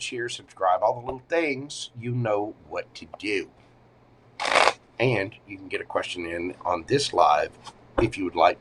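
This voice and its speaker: A man hosting a live tarot stream, talking casually and warmly with his viewers. His voice climbs high and drops low as he moves between greetings and card readings. He uses pet names and sounds loose and playful. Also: noisy background. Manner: animated, swings up and down in pitch and loudness. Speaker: tarot reader hosting a livestream.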